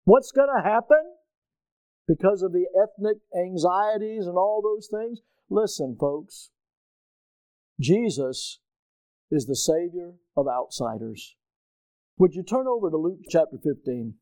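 An older man, a pastor, preaching a sermon to his congregation, putting questions to them and building to loud, emphatic peaks. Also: fairly high pitch, no room sound, rough recording.

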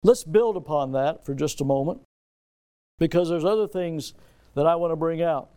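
Male pastor, middle-aged, raised but warm voice, dramatic sermon delivery full of rhetorical questions. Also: on the high side. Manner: dramatic preaching, rhetorical questions, repeated phrases.

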